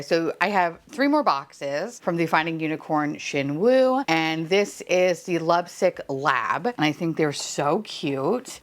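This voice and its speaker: Woman, unboxing vlog host, gushing chatter, swings up and down in pitch. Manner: gushing, squealing over cute finds, casual swearing. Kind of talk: casual unboxing chat.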